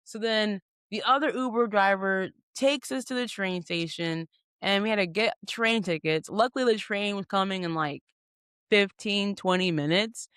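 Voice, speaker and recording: A young woman hosting a podcast, telling a story in casual chat, animated and full of fillers, acting out what people said. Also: mid-range voice, normal speed, clear, resonant tone, no room sound, clean studio sound. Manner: animated, many "like" fillers, acts out quotes. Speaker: podcast host.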